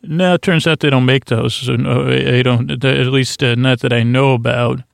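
A man hosting a bedtime podcast in a soft, lulling, creaky voice, meandering goofily through asides and restarts, recorded in a closet. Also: medium pitch, steady tone, moderate pace, no room sound, clean studio sound. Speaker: podcast host. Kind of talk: rambling bedtime podcast monologue.

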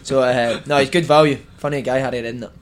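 A Scottish man chatting on a podcast, bantering quickly and enthusiastically. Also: mid-range voice, fairly even intonation. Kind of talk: casual chat.

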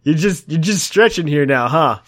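A man's voice: on the high side, lively intonation, moderate pace. A man hosting a casual podcast, talking in a laid-back, rambling way and laughing often. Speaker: podcast host.

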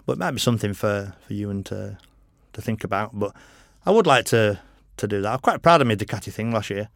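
Gravelly and lowish, this middle-aged man's voice moves fairly quickly as he chats casually on a podcast about his life as a motorcycle racer. His stories ramble, he curses freely, and he laughs a lot, all captured in studio quality with no echo.

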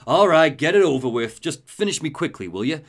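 A man's voice: a little high, sing-song, brisk. A man voicing a cocky male assassin who taunts and sneers. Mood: smug. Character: cocky male assassin, smug then baffled.

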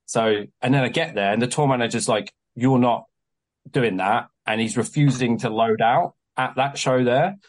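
A young man on a podcast telling a long story in a casual, animated way, swearing often and acting out what people said to him. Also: medium pitch, normal speed, rough recording. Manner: animated, swears a lot, acts out quoted exchanges. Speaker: guest, venue promoter.

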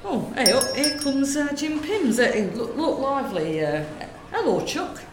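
Cheeky shopkeeper woman, gossipy and lively, played by a woman; roomy. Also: sits high, moderate pace, noisy background, voice pushed up. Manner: chatty, nosy and cheeky. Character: gossipy middle-aged northern shopkeeper woman. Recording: roomy room sound.

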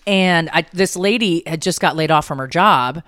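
Chatty middle-aged woman, slightly low voice. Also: normal speed, a bit bright, no room sound, studio quality. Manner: chatty, rambling, self-mocking. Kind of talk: casual family chat.

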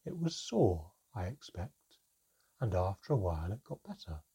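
A man voicing a calm, terse older female goblin who speaks slowly and quietly. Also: low voice, breathy edge, heavily acted. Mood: measured. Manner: slow, quiet and measured.

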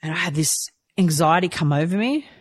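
A woman telling a personal story candidly and from the heart, rushing and restarting her sentences. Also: on the low side, expressive, no echo. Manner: heartfelt, rushed, with frequent restarts. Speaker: storyteller sharing a personal experience.

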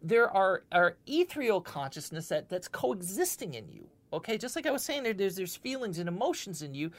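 A woman's voice: medium pitch, moderate pace. A woman giving a spiritual lecture and answering questions, talking with lots of repeated words and frequent "okay?" checks. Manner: animated, repeats words, often asks "okay?". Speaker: spiritual teacher.

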